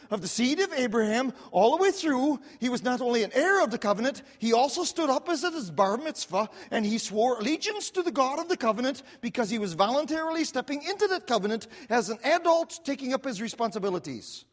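Guy preaching in church, swoopy lively pitch, tells it like a story w/ little jokes, reverby hall sound. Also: quick pace, few pauses. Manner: animated storytelling preacher with repetition and asides. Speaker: pastor. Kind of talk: sermon.

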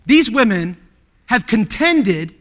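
A male pastor preaching a sermon emphatically, with many rhetorical questions, swinging from loud appeals to hushed tones. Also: sits high, big pitch swings, slow, in a large hall.

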